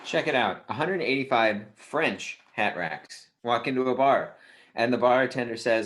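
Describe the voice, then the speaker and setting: A man performing improv comedy from home over a video call, telling quick joke setups. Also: medium pitch, a bit bright.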